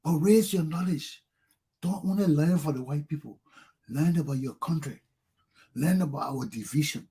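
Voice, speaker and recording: Liberian talk show host, fiery preachy delivery, husky, slightly high voice. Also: male voice, moderate pace. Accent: Liberian English. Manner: preachy and fiery, swings from low intensity to shouting. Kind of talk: impassioned monologue.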